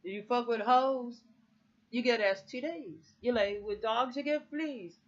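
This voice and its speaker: A woman's voice: on the high side, measured pace. Woman, middle-aged, casual heated rant, swears constantly, rambles, muffled lo-fi recording. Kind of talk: casual political rant to camera.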